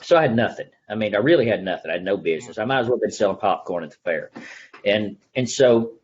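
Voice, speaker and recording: A middle-aged man with an East Texas drawl and a husky, fairly low voice tells a story in a folksy, earnest way, slipping into the voices of people he remembers. He is a real estate agent in a casual interview. The recording sounds dull and lo-fi. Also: expressive, quick pace. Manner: folksy, earnest storyteller who acts out the dialogue he recalls.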